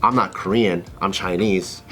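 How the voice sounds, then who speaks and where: A man telling a casual story as a guest, relaxed and profane, often laughing. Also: deep voice, a little slow, faint music behind.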